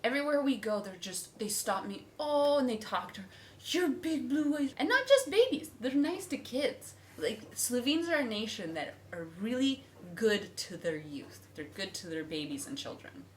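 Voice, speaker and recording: In a slightly high voice at normal speed, a young American woman vlogs casually, acting out voices while telling lively stories. A light hiss or hum sits under the recording.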